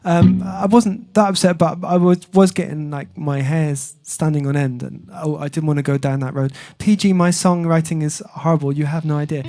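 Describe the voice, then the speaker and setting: A man's voice: a little high, fairly even intonation, normal speed, few pauses, mellow. A man chatting casually on his music livestream, rambling and self-deprecating, with lots of fillers. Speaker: singer-songwriter streamer.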